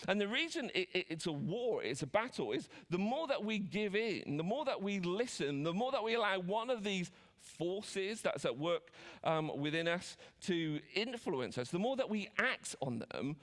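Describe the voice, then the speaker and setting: A man's voice: sits high, sing-song, moderate pace, fairly bright tone, long reverb tail. A man with an English accent preaching a sermon in a chatty way, with frequent restarts and asides.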